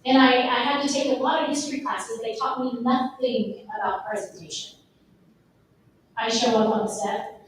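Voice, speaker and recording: A middle-aged woman with a Texan accent gives a lively, emphatic motivational talk, speaking straight to the audience. Her voice sits high, and it rings through a very echoey room. The mic catches her from a distance, with faint noise underneath. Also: moderate pace. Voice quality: lively and emphatic, addressing the crowd directly. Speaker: speaker at a real estate event. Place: event room.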